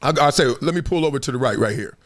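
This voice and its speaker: A man's voice: medium pitch, lively intonation, very fast. A male show host chatting casually on a livestream, telling stories with lots of laughter and acting out other people's lines.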